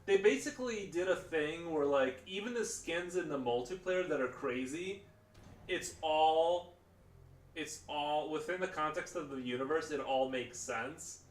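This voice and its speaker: A man's voice: a little high, a little slow. A man chatting casually on a live stream, rambling with lots of fillers and restarts. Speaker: livestreamer. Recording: roomy, distant mic, faint background noise.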